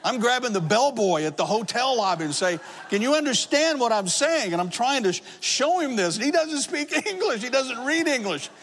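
A man preaching a sermon, telling his own conversion story with rising emotion and shouted praise. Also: very high voice, lively intonation, fairly quick, few pauses, slight background noise. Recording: long hall reverb.

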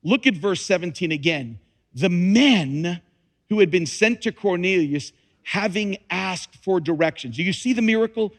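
Heard in a church sanctuary with a large hall's long reverb, this man's voice sits high and is expressive, moving at a moderate pace. As pastor, he preaches a sermon, dramatically reading scripture with emphatic repetition and bits of humor.

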